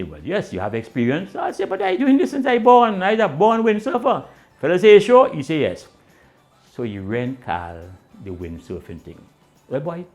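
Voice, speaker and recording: Voicing each character he describes, this male storyteller spins comic tales in island dialect. He is animated and his pitch swings up and down as he acts out the people in the stories.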